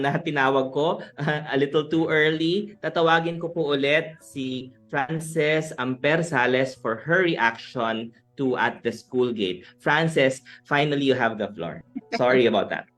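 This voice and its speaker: A man's voice: on the high side, measured pace, fairly bright tone. A man, moderating a book discussion in a polite, formal way with hesitant fillers.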